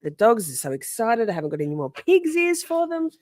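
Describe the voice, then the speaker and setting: A woman's voice: fairly high pitch, big pitch swings, brisk, darkish tone, dry recording, clean studio sound. A woman hosting a casual livestream from home, greeting viewers by name, chatty and a bit profane. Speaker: livestream host. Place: home, with dogs nearby.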